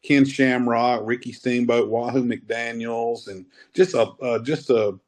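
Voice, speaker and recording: Guy in his 50s rambling thru old wrestling stories, easygoing, middle pitch. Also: steady tone, a little slow. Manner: rambling, laid-back, says man often. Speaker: wrestler guest. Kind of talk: casual interview storytelling.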